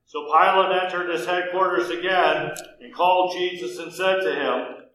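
A man reads scripture aloud in a steady, solemn, measured way. His voice sits high for a man, and the recording is very echoey with faint noise behind it. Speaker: narrator.

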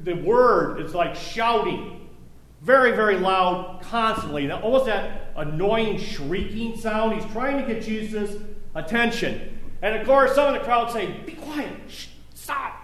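A man with a high voice delivers a sermon as a pastor. He reads scripture and then explains it in a loose, conversational way with joking asides. The recording is roomy and echoey, as if from a church sanctuary. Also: unhurried, a bit bright. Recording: echoey room.

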